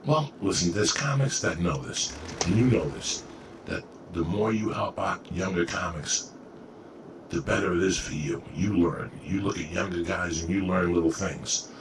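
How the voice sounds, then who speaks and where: Male comic, low voice, spins lively stories in casual talk; recorded far off in a noisy room. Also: moderate pace, roomy sound. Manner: animated storyteller, acts out quotes. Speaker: comedian guest. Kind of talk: casual podcast chat, storytelling.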